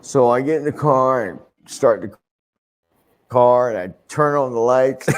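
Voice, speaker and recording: An older man spins a rambling, profanity-laced tale for an interviewer, tripping over restarts as he goes. His voice sits at an ordinary middle pitch. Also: unhurried. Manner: profane, rambling, many restarts, swears freely. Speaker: wrestler telling a story in an interview. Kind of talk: anecdotal interview storytelling.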